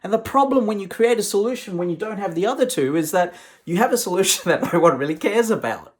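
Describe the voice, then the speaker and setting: A man with a fairly high voice delivers a motivational talk straight to camera. His speech is emphatic yet conversational, as a professional speaker's would be. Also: expressive, fast.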